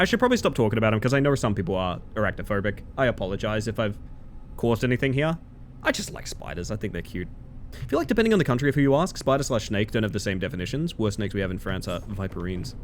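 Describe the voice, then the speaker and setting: A man streaming a game from home and chatting casually in a rambling, animated way. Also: fairly low pitch, slight background noise. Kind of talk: casual chat while gaming.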